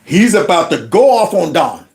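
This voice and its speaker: A man reacting to clips on his channel, indignant and stumbling through repeated words. His voice sits high and swings widely as he talks. He sounds worked up about what he has just heard. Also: very animated, moderate pace, a little mellow. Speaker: commentary host. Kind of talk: reaction commentary.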